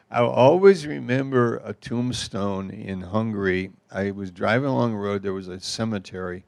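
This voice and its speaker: A man's voice: fairly low pitch, normal speed, creaky, few pauses, darkish tone, dry recording. Pastor guy rambling thru a church talk, gets emotional, dry close sound. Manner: rambling, emotional, laughs through stories.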